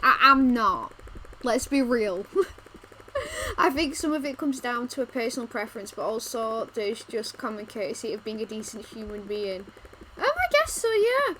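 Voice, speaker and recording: A woman's voice: on the high side, expressive, moderate pace, noisy background. A woman streaming a video game, chatting casually with her viewers and laughing often. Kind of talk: casual let's-play commentary.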